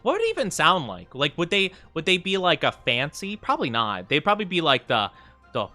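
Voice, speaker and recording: A giggly man streaming a game, chatting to viewers in a playful ramble. His voice is bright and bouncy, swinging widely in pitch, with faint game music underneath. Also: huge pitch swings, a little fast. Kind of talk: casual live-stream chat while gaming.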